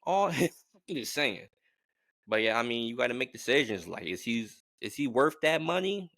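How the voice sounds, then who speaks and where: Bright-voiced man ranting about football. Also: medium pitch, moderate pace, dry recording. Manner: animated, rambling fan talk with restarts. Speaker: sports fan vlogger. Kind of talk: casual sports opinion monologue.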